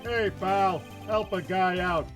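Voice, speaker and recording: Guy playing a clumsy gruff detective, blustery and kinda goofy, game fan dub. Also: high voice, slow pace, a bit bright, faint music behind. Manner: blustery, self-deprecating. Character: gruff bumbling male police detective. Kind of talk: fan voice acting of a game playthrough.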